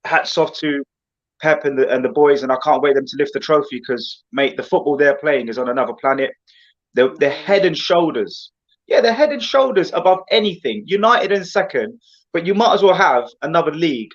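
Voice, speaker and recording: A man's voice: fairly high pitch, fairly quick, highs cut off. A man, a guest on a casual football chat show, ranting with passion and calling everyone "mate". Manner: animated, passionate, rambling rants with lots of "mate".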